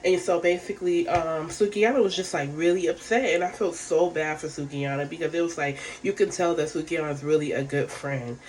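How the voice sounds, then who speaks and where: A woman's voice: low-pitched, brisk, few pauses, darkish tone, slight background noise. Rambling woman recapping a reality show. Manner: rambling, filler-heavy, frank and profane. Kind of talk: casual recap chat.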